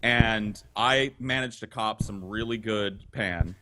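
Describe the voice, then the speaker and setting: A man's voice: lowish voice, slow. A man telling a long, profane anecdote in casual chat, rambling with restarts and quoting others. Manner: rambling, profane, full of restarts and acted quotes. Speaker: podcast storyteller. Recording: noisy home recording.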